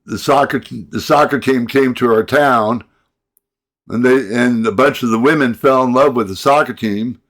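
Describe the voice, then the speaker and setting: A middle-aged man in a rambling monologue rant, halting and repeating his words, breaking into sighs and angry outbursts. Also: medium pitch, fairly bright tone. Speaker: vlogger.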